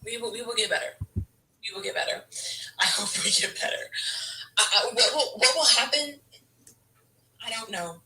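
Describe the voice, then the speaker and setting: A woman's voice: a little high, normal speed, pauses often, bright, forceful tone, recorded from a distance, slight background noise, rough recording. A woman football fan ranting to camera in a frustrated, exasperated way, stammering and restarting her sentences. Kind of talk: emotional fan rant to camera.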